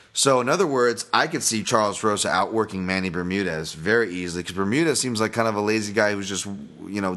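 A podcast host from Boston, a man with a lowish, somewhat bright voice, talks casually and rambles through a solo show. He swears frequently and keeps interrupting himself.

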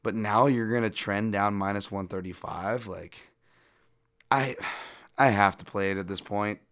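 A man hosting a fight podcast, breaking down bets in a profane, animated and self-deprecating way. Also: lowish voice, unhurried, clear, resonant tone. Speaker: podcast host and fight analyst. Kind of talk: casual betting-podcast breakdown.

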